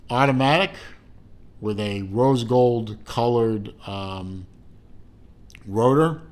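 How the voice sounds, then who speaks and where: A man's voice: medium pitch, slow, darkish tone. A middle-aged man giving a casual watch unboxing review, rambling with fillers and self-corrections and dropping dry, self-mocking asides.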